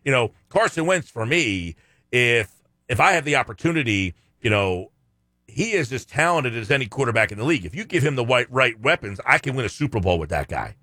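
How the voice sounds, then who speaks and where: A man's voice: medium pitch, brisk, dry recording. A man co-hosting a sports radio show, giving firm opinions in casual talk. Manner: opinionated, lively, reads out listener texts.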